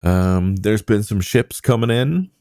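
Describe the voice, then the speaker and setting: A man's voice: on the low side, lively intonation, measured pace, dark tone, dry recording, clean studio sound. A man hosting a casual podcast, rambling with many fillers and poking fun at himself. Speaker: podcast host.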